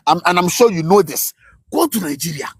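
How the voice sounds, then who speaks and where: A man hosting a live political commentary stream, ranting passionately with rhetorical questions, swinging between shouts and low mutters. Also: lively intonation, fairly quick, slightly rough, dry recording.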